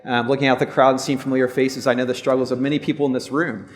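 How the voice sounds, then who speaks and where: A man's voice: medium pitch, flat delivery, fast, big-room sound. A man in his fifties on a live panel, speaking in an earnest, reflective and open way about personal matters. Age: 50s. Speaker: law firm owner, panelist. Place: large stadium event on stage.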